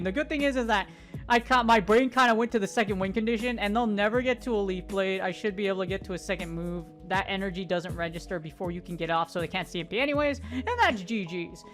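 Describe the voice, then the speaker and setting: A woman giving casual gameplay commentary, excitable and joking, swearing casually as she talks through her matches. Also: mid-range voice, fast talker, faint music behind. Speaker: gaming commentator.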